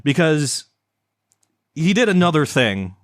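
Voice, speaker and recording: A man's voice: a little high, big pitch swings, slow, no echo, studio quality. A young man co-hosting a casual podcast, rambling and stammering, swearing often. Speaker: podcast co-host. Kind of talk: casual chat.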